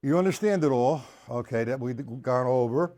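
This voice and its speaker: A man's voice: medium pitch, moderate pace, dark tone, slight background noise. A man teaching drums on a live stream, chatting casually and counting beats aloud. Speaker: drum teacher. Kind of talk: live-streamed drum lesson.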